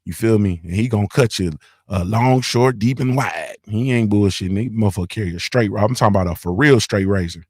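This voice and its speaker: Guy with a lowish voice riffing on his stream, dry close mic, loose and repetitive. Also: brisk, no echo. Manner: loose, repetitive, slangy rant with "you feel me". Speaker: morning show host. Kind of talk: casual streaming commentary.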